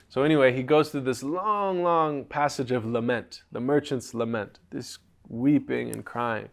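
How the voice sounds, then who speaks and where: Soft-spoken guy teaching a story at a retreat, reflective, mid-pitched voice. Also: a little slow, vocal fry, hardly any pauses. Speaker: spiritual teacher. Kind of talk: storytelling lesson on poetry. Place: retreat gathering.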